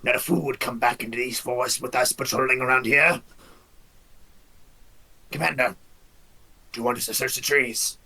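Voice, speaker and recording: A man's voice: medium pitch, steady tone, moderate pace, vocal fry, pauses often, pushed and bright, breathy edge, exaggerated voice. A man voicing a wary male orc foot soldier in a near-everyday voice.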